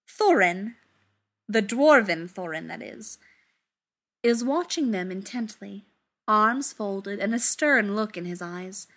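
A woman reading a story aloud in an expressive, unhurried way. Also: mid-range voice.

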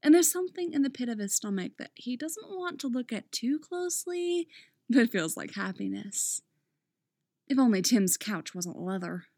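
A woman narrating a story aloud in an expressive, playful manner. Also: on the high side, moderate pace, dry recording, studio quality. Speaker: reader. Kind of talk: audiobook narration of fan fiction.

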